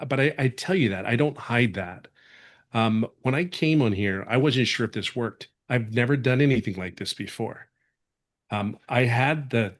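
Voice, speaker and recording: A man from California giving an earnest, rambling testimonial as a webinar guest, full of restarts. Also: on the low side.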